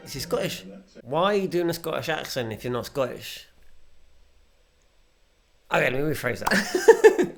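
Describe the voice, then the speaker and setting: A man's voice: fairly high pitch, lively intonation, unhurried, vocal fry, long pauses, faint music behind. A young man co-hosting a film reaction, chatting casually and teasingly, asking lots of questions. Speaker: co-host of a film reaction channel. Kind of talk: casual chat.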